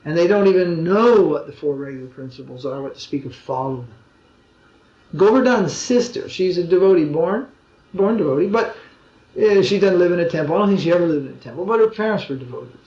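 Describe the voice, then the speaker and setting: A man delivers an informal religious discourse, spinning anecdotes in a relaxed, wry way. His voice sits noticeably high for a man. The old lo-fi recording sounds dull and echoes around the room. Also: brisk. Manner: conversational storytelling with wry humor. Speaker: swami giving a spiritual talk. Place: gathering in a room. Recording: roomy dull lo-fi 2001 recording.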